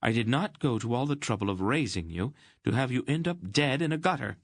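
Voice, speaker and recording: A man voicing a stern, sharp-tongued woman who snaps and scolds. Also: mid-range voice, expressive, a little fast, no echo, studio quality, pitched above the performer's own voice. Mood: scolding. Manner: snappish, acid, scolding.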